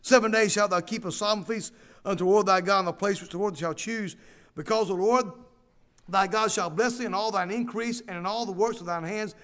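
A man preaching a sermon, telling a long story in a folksy way with fillers and restarts, and reading scripture slowly. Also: high voice, steady tone, fairly bright tone. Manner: reads scripture in slow, drawn-out cadence. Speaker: pastor.

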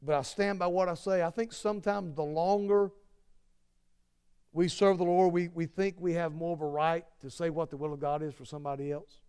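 Male preacher, high and clear voice, earnest sermon delivery that swings from forceful to hushed. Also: steady tone, normal speed. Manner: earnest, emphatic, repeats phrases, swings from loud to hushed.

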